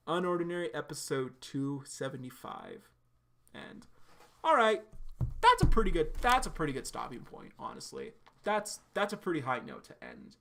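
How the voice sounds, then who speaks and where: A man's voice: on the high side, huge pitch swings, normal speed, vocal fry, a bit bright. A young man hosting a live stream, casually narrating webcomic panels aloud with lots of fillers.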